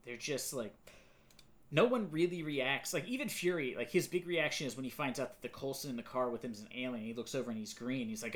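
A podcast co-host chatting casually about a movie, animated and swearing as they act out lines from it. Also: mid-range voice, fast talker. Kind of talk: casual movie-review chat.

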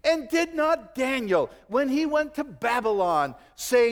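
A middle-aged man preaching a sermon, animated, acting out quotes and chuckling now and then. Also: very high-pitched, a little slow, hardly any pauses, long reverb tail. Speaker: pastor.

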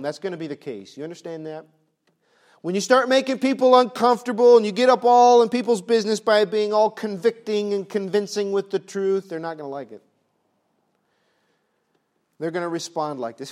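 A man preaches a sermon at a moderate pace, firing off emphatic rhetorical questions. His delivery swings between booming lines and hushed ones, and he slips in a folksy turn of phrase.

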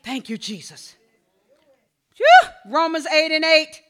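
A middle-aged woman pastor, preaching a sermon that moves between quiet storytelling and shouted exhortation. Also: high-pitched, expressive, slow, heavy background noise.

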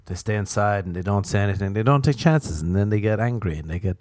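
A lower-voiced man rambles through a comedic podcast monologue, swearing freely and leaping into sudden high mock voices. The sound is dry and close to the mic, with almost no room around it. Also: animated, fast, a little mellow, no echo. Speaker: podcast host.

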